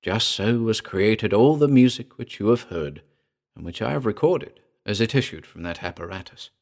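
A man's voice: on the low side, animated, moderate pace, a little mellow. A man reading an obsessed composer-inventor, rapt and lecturing. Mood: measured.

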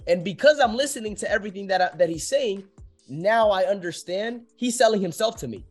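A man's voice: high-pitched, lively intonation, brisk, soft background music. A young man, a real estate agent, talking casually and acting out both sides of sales calls, swearing freely. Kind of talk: casual podcast talk, explaining sales calls.

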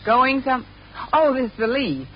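A wisecracking schoolteacher. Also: female voice, sits high, very animated, slight background noise. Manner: flustered, joking, quick quips. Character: wisecracking sarcastic woman schoolteacher. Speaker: English teacher. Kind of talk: 1950s radio sitcom acting. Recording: dull old radio recording with studio audience laughing.

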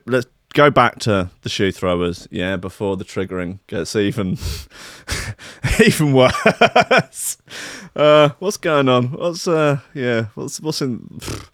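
Sweary, rambling radio host. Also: male voice, medium pitch, a bit bright, no room sound, clean studio sound. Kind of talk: casual radio chat.

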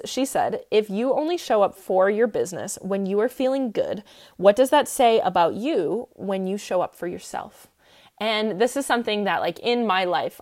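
Young woman, podcast host, expressive and animated, casual solo talk into a podcast mic. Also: medium pitch. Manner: expressive, animated, many fillers.

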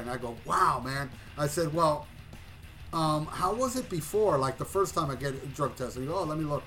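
A man casually telling a long story on a talk show, animated and profane, acting out voices and shouting at the punchlines. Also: a little high, moderate pace, soft background music. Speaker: podcast co-host.

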